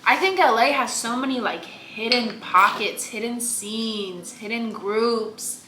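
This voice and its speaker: A woman's voice: fairly high pitch, takes it slowly. A young woman from Virginia, a podcast guest talking candidly and emphatically, with frequent likes and repeated phrases. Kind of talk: candid conversational interview. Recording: echoey room with faint noise.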